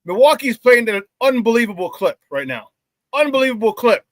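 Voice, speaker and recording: Fired-up high-voiced sports talk man. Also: big pitch swings, a little fast, no echo. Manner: hyped, fired-up and loud; casual, slangy banter with frequent laughter. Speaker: sports talk show host. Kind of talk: live sports talk show, reading chat shout-outs.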